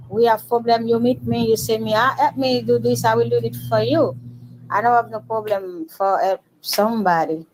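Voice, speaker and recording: A woman's voice: on the high side, slight background noise, poor audio. A woman with a Haitian Creole accent hosting a casual livestream, answering viewer comments in broken English mixed with Creole. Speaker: livestream host.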